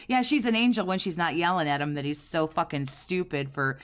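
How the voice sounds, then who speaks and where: A woman's voice: lowish voice, normal speed, smooth. A woman in her forties giving crude, sarcastic, scornful commentary over clips. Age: 40s.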